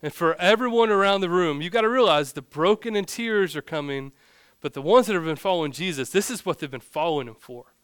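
A young man preaches a relaxed, humorous sermon, his voice smooth and resonant and a little high. The sound is dry and close, with no room echo around it. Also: brisk. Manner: casual, joking preaching with vivid storytelling. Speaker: pastor.

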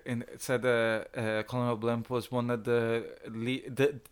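A man's voice: medium pitch, flat delivery, a little slow, clean tone. A young man co-hosting a film podcast, talking casually with many hesitations. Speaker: podcast co-host.

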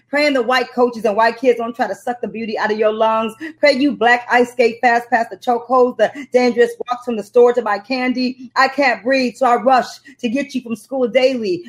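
Poet woman with a rhythmic, impassioned delivery. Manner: slow, rhythmic, impassioned reciting; low-key, reflective talk with fillers. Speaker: poet and author. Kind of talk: spoken-word poem recital and interview talk.

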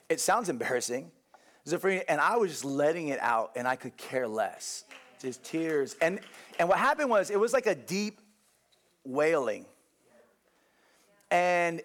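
Animated man preaching a casual sermon. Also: a little high. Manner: animated storytelling, frequent restarts and asides to the congregation. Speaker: pastor. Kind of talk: conversational sermon.

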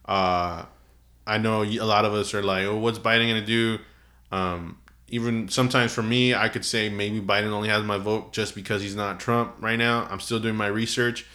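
A man with a bright, forceful voice co-hosts a casual podcast. He rambles loosely and swears often, sounding half asleep. His talk is full of fillers and restarts. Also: lowish voice, steady tone, normal speed. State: sleepy. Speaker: podcast co-host.

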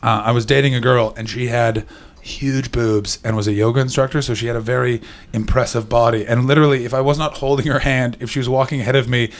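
A man doing a stand-up comedy set, chatting with the audience and shouting out the punchlines. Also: medium pitch, fast. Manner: animated, shouting voices for punchlines. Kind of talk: stand-up set with crowd work.

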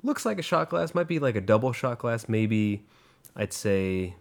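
A young man in easy casual chat, relaxed as he starts a story of his own. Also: fairly low pitch, normal speed, gravelly.

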